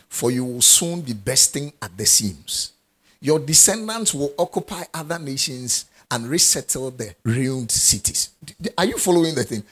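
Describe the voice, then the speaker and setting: Male preacher, husky voice, animated pitch, deliberate emphatic delivery. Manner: emphatic, repeats key phrases, asks the congregation questions. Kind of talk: sermon.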